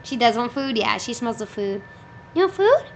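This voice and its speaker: A young woman with a high voice chats casually on a live stream from her room, repeating a word again and again. A faint hum of air conditioning sits behind her. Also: very animated, moderate pace. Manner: repeats words over and over, practicing pronunciation. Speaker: livestreamer. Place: bedroom with air conditioning running.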